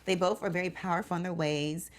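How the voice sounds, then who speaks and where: A woman's voice: on the low side, fairly even intonation, fast talker. A woman co-hosting a casual TV recap chat, earnest and a little hesitant. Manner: earnest, speculative, a bit hesitant. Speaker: co-host.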